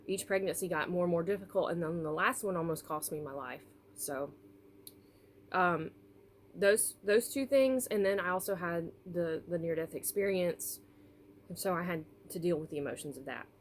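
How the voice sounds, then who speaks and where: A woman's voice: fairly low pitch, slight background noise. Tearful woman telling a personal story. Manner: emotional, apologetic, halting with fillers. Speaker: doll collector vlogger.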